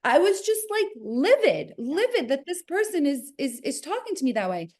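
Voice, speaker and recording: Her pitch a touch high and her speed normal, a forties-aged woman with a New Jersey accent shares an animated story as an interview guest. She dramatizes each quoted remark with lively variation.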